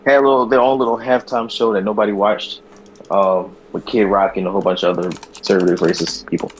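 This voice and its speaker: Podcast co-host, male, lower voice, animated and profane, slangy storyteller. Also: quick pace, slight background noise, rough recording. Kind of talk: casual chat.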